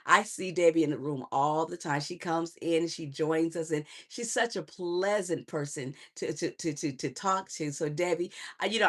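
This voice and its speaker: A middle-aged woman, a transformational coach, giving a lively motivational live stream, preaching and calling viewers honey and baby. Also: on the low side. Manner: preachy, warm endearments to viewers; chatty, laughs often.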